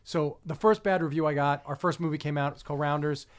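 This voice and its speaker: A man with a slightly raised voice hosts a relaxed interview. He asks questions eagerly and plainly, with the odd swear word. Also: fairly high pitch, fast. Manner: eager, frank, swears freely. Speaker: interview host. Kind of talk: casual interview.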